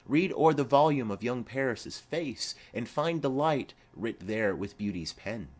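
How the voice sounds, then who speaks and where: A man's voice: mid-range voice, animated, darkish tone. A man reading the part of a stately noblewoman speaking formally to her daughter in an audiobook of a play. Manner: formal, measured.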